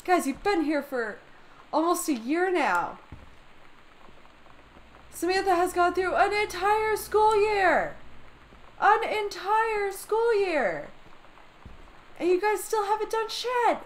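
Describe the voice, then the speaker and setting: A woman's voice: very high-pitched, lively intonation, unhurried, pauses often, a little hiss or hum, low-quality recording. A woman doing let's play commentary on a story game, swearing a lot and ranting in exasperation. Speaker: gamer playing a story game.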